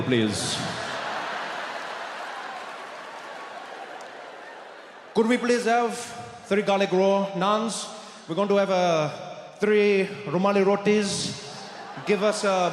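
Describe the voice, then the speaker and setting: A man voicing an overeager diner who shows off while ordering, slow and drawn out. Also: high voice, lightly acted. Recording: echoey hall with noise.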